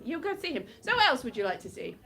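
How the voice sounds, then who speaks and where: A woman hosts a casual livestream, talking to her viewers in a rambling, chatty way with frequent laughs. Her voice sits high and bright, with a crisp edge. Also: big pitch swings, quick pace.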